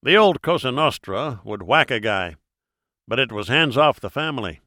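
A man's voice: medium pitch, animated, moderate pace, sharp tone, no room sound, clean studio sound. A man playing a burly, world-weary male FBI agent who talks bluntly and wryly. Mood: emphatic. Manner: blunt, wry, launches into monologues.

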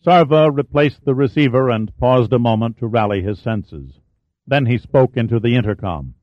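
A man narrating an audiobook in a measured, even reading. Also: medium pitch, no room sound. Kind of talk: scripted narration. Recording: dull, dry studio audiobook.

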